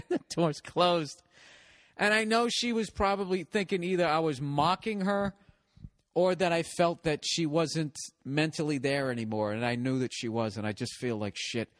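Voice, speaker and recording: A man's voice: on the high side, normal speed, no echo, studio quality. A middle-aged man hosting a podcast, telling a rambling, self-mocking comic story full of swearing and laughing through it. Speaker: podcast host.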